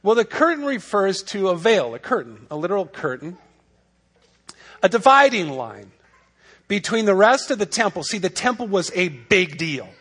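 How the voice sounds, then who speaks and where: A male pastor delivers a sermon in a notably high voice. He talks in a conversational way, then leans hard on key points and keeps asking rhetorical questions. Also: big pitch swings, normal speed, fairly bright tone, breathy edge.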